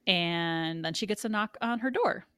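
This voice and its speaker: A woman's voice: on the low side, moderate pace, sharp tone, smooth, no echo. A woman co-hosting a podcast, recapping an episode in a chatty storytelling way full of "like". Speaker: podcast host.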